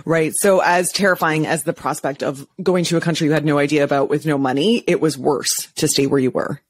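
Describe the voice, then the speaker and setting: A woman's voice: low voice, fairly even intonation, a little fast. A woman hosting a podcast interview, enthusiastic and chatty. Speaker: podcast host.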